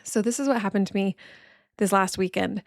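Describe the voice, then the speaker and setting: A woman's voice: mid-range voice, steady tone, brisk, vocal fry, no room sound, studio quality. A woman hosting a podcast, telling a personal story in a candid, reflective, conversational way with casual fillers. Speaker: podcast host.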